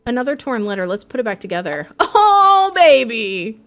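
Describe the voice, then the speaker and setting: Bubbly woman streamer, a bit high. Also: normal speed. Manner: bubbly, excitable, chatty with viewers. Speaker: game streamer. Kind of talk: casual live-stream chat.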